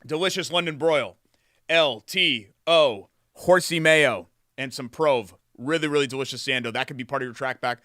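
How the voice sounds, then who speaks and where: A man's voice: medium pitch, moderate pace, bright, forceful tone, no echo, clean studio sound. A man co-hosting a sports podcast, chatty and enthusiastic as he reads sponsor plugs. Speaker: podcast co-host. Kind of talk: casual sports chat.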